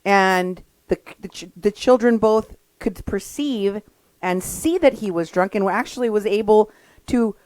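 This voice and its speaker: A woman hosting a talk show speaks slowly and earnestly, leaning on her points with emphasis. The sound is close and dry. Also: medium pitch, a little mellow, dry recording, rough recording. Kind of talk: radio talk commentary.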